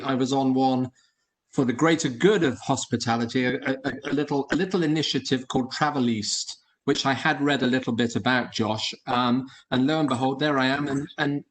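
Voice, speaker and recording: A man's voice: medium pitch, a bit bright. A man presenting his hotels on a video call, chatty and friendly in tone, often repeating words as he talks. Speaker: hotel group founder presenting. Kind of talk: casual presentation. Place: at home or office in London.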